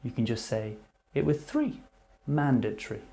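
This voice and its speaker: A man teaching English vocabulary, repeating each word slowly and clearly before explaining what it means. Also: mid-range voice, animated, dark tone. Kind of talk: slow vocabulary lesson.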